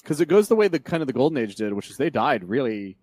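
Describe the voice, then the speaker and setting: A man's voice: medium pitch, very animated, quick pace, a little mellow, dry recording. A man co-hosting a casual comics podcast, talking in a rambling way with frequent laughs and restarts. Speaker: podcast co-host. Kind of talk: casual chat about comics.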